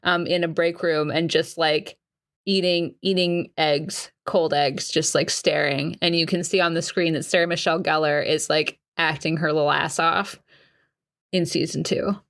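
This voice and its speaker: A woman's voice: deep voice, steady tone, normal speed, fairly bright tone. A woman narrating as game master, casual and chatty with many fillers.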